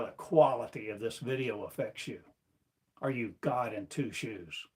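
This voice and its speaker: A man preaching a sermon as a spiritual teacher, slow and declamatory, firing off one rhetorical question after another. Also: medium pitch, lively intonation, darkish tone. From United States.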